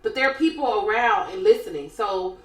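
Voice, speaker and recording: A woman's voice: mid-range voice, normal speed, reverberant, rough recording. A woman co-hosting a podcast, retelling reality TV gossip in casual chat and acting out what each person said. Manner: animated storyteller acting out quotes. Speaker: podcast co-host.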